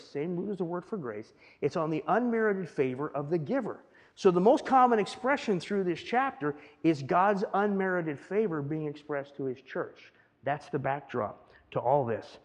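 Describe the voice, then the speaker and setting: Man preaching in a reverberant hall. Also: a little high. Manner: conversational, keeps asking "right?". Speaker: pastor. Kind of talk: teaching sermon.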